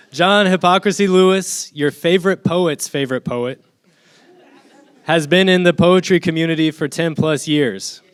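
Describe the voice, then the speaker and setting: A man hosting a poetry event, introducing the next reader in an upbeat, quick, casual way. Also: a little high, smooth, dry recording. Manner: upbeat and quick, addresses the crowd directly.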